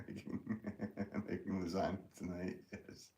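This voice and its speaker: A man's voice: low-pitched, level tone, unhurried, dark tone. A man with a New England accent, hosting a casual livestream while he works, reading viewer comments, joking and laughing often.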